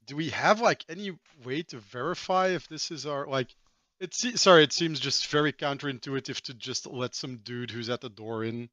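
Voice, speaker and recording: A man's voice: medium pitch, normal speed, sharp tone. A man playing a tabletop game, talking casually and skeptically. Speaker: player.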